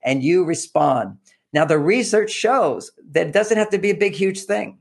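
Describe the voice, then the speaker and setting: An animated male interview guest, fairly high-pitched with a gravelly edge, talks at a moderate pace about relationships and offers advice. He tends to repeat his words for stress and drops into acting out small dialogues line by line.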